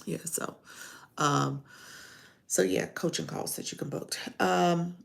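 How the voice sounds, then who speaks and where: A woman's voice: fairly low pitch, steady tone, slow pace, creaky. A woman with a Chicago accent, a live-streaming coach talking casually and chattily, often laughing as she rambles. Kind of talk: casual livestream talk.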